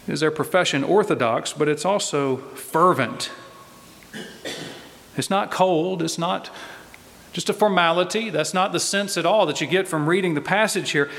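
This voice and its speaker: A man preaching a sermon in a slow, deliberate way, pressing his points with emphatic repetition. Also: high-pitched, fairly bright tone. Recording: long reverb of a large hall.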